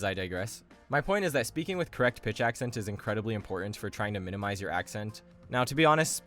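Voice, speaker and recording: A man's voice: fairly low pitch, a bit bright. A man narrating a casual explainer video in a slangy, opinionated way. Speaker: language-learning video host.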